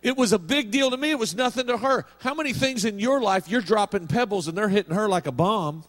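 A man's voice: high voice, expressive, a little fast. A middle-aged male pastor preaching a sermon in a folksy, humorous storytelling way.

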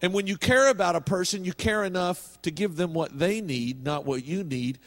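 High-voiced folksy male preacher. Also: moderate pace, fairly bright tone. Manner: folksy, humorous storytelling with plain talk. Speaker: pastor. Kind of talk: sermon.

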